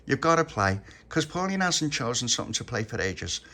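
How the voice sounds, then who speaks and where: A man's voice: medium pitch, very animated, a little fast, bright, forceful tone, voice pushed up. A man does a meek little boy who stammers and hesitates before going along with others. The voice rises and falls broadly, told like a storybook. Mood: hesitant. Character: reluctant mild-mannered little boy.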